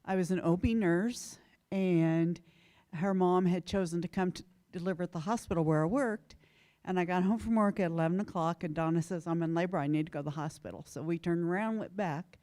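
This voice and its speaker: A woman's voice: lowish voice, fairly quick, mellow. A woman speaking at a memorial service in a lecture hall, sharing family memories in a plain, conversational way into a handheld microphone. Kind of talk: personal remembrance to an audience.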